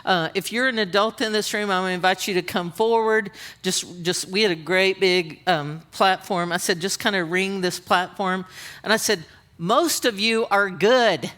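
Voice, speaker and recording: Bright-voiced woman preaching with animated stories. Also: fairly low pitch, normal speed. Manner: animated storyteller, acts out her own reactions. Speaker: pastor. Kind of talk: conference sermon storytelling. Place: church stage.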